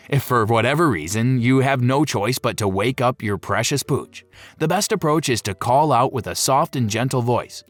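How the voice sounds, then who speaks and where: A man narrates a scripted pet-care video in a lively voice that moves all over its range. He tosses in playful, jokey asides. The sound is dry and close, with faint music behind him. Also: mid-range voice, no room sound.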